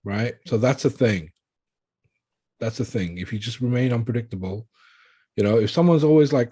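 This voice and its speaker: Husky guy on a talk show, casual, kinda rambly. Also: medium pitch, measured pace, pauses often, mellow. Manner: rambling, retells jokes. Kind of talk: casual chat.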